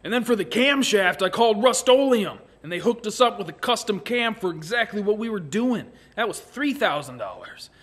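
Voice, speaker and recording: Guy with a high voice hamming it up, sarcastic over-the-top car vlog rant. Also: big pitch swings, moderate pace, hardly any pauses, fairly bright tone. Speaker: channel host. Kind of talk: comedic car build vlog.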